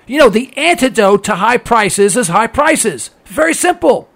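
An American political commentator delivers an opinionated, radio-style monologue, emphatic and sarcastic, driving his points home by repeating them. His voice is very high-pitched with big pitch swings, a little slow, creaky and fairly bright, with hardly any pauses.

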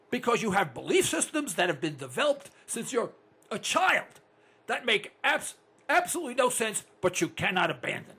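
An older man hosting a talk radio show, ranting in a blunt, excitable monologue. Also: high-pitched, moderate pace, breathy edge. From United States.

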